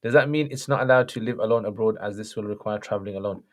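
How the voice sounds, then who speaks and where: Relaxed man hosting a livestream. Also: on the low side, fast talker. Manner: relaxed, chatty, laughs between answers. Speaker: livestream host answering viewer questions. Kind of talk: casual chat.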